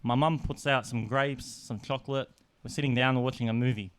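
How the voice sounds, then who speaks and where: A young man co-hosting a casual podcast, telling animated stories and laughing often. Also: medium pitch, a little fast, clean tone, dry recording. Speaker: podcast co-host. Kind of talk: casual storytelling chat.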